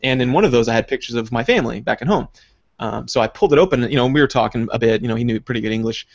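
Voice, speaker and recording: A man rattles off stories at a brisk clip, cursing freely and trailing off into asides. The sound is dry and close, with a slightly dull, lo-fi mic. It feels like casual podcast chat. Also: mid-range voice, no room sound. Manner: rambling, profane, laughs through his stories. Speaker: podcast co-host, army veteran.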